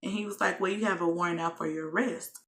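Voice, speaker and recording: A woman's voice: fairly low pitch, fast. A young woman, casually telling a personal story in a vlog and acting out what people said. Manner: animated storytelling, acts out her own and others' lines. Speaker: vlogger.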